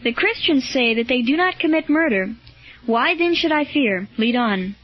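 A woman's voice: sits high, animated, moderate pace. A woman reading the part of a male Roman soldier, speaking firmly and solemnly. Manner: firm, solemn. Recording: dull lo-fi recording.

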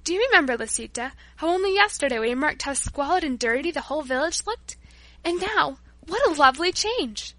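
Brief: a pious storybook girl, bright and high, sweet and earnest, read by a woman. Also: animated, fairly quick, no room sound. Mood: delighted. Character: devout, gentle, cheerful young girl.

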